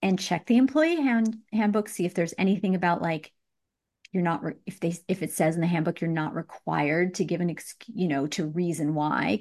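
A woman coaching participants on a group call, direct and encouraging, with animated emphasis. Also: on the low side. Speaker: business coach.

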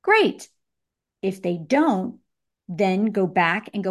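A woman's voice: medium pitch, slow, pauses often. Direct, encouraging woman coach. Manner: direct, encouraging, animated emphasis. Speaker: business coach. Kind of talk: live group coaching call.

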